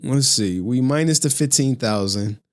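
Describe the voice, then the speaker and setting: A man's voice: medium pitch, normal speed. A man doing a live stream and talking casually to his chat, profane, chatty and exasperated.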